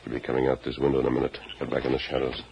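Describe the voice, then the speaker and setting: An actor playing a calm, commanding masked Western hero, giving firm orders in old-time radio drama style. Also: male voice, very deep voice, racing, creaky, muffled recording. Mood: resolute. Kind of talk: 1940s radio acting. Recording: hissy old radio recording.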